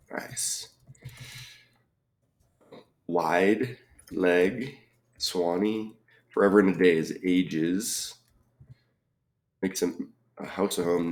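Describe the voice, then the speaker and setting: A man solving a crossword puzzle aloud, reading clues and thinking out loud with frequent ums and muttered asides. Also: deep voice, gravelly. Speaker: crossword reviewer.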